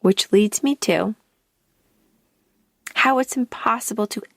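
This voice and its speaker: A woman life coach hosting her podcast, speaking in a calm, deliberate scripted monologue, and her line ends often trail off into breath. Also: fairly high pitch, gravelly, dry recording, studio quality.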